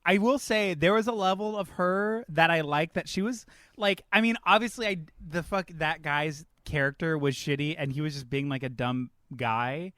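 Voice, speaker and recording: A man's voice: on the high side, moderate pace, a bit bright, no room sound, studio quality. A man co-hosting a film podcast, joking casually and acting out scenes with mocking quoted voices. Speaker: podcast co-host.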